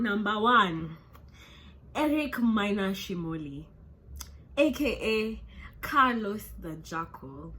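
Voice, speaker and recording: A woman's voice: mid-range voice, lively intonation, measured pace, a bit bright. A woman, a vlogger telling a true crime story in a chatty, joking way with many asides.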